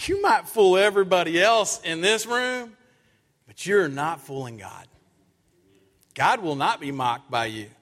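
A middle-aged man preaching a sermon in a church, an animated storyteller who acts out his own lines in stories. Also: high-pitched. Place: church sanctuary. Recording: long church hall reverb.

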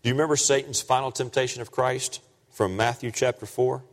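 A man preaching a sermon, dropping low and quiet, then rising loud and high for emphasis. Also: steady tone, a little fast. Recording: long reverb of a large hall.

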